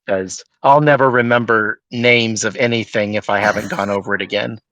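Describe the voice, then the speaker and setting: Bright-sounding guy cracking jokes on a book podcast, dry close mic. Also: fairly low pitch, steady tone, brisk, dry recording, low-quality recording. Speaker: podcast co-host. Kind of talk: casual book discussion.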